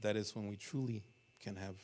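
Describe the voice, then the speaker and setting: Man, preacher, low voice, dramatic sermon, direct address, emphatic pleas, church. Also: steady tone, fairly quick, darkish tone, a little hiss or hum. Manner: addresses listeners as "you", rising to emphatic pleas. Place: church sanctuary.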